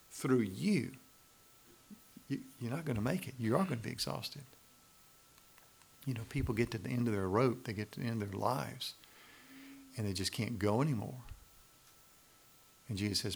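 Gravelly Southern preacher. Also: male voice, mid-range voice, steady tone, moderate pace, pauses often. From Macon, Georgia, US South. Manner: conversational, pleading, asks the audience rhetorical questions. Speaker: pastor. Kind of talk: sermon.

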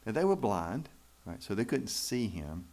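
A man's voice: on the low side, sing-song, measured pace, a little mellow. A man preaching a sermon in church, folksy and emphatic, with rhetorical questions to the congregation. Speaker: pastor.

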